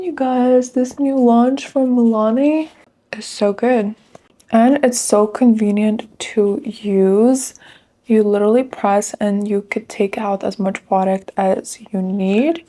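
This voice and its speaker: A woman's voice: medium pitch, mellow. A young woman chatting casually to viewers while reviewing makeup, enthusiastic and direct. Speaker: beauty vlogger.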